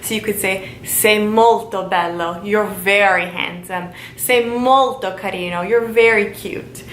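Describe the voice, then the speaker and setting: A woman teaching a language lesson, speaking slowly and repeating each word for learners to follow. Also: medium pitch, a bit bright, reverberant, slight background noise. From Italian heritage. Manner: slow, repeats words for learners.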